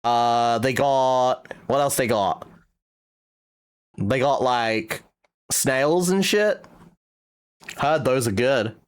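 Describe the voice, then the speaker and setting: A man's voice: mid-range voice, very slow, long pauses, clean tone. A young British man streaming live, chatting casually and teasing his chat with jokes. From Britain. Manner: teasing, joking banter with chat.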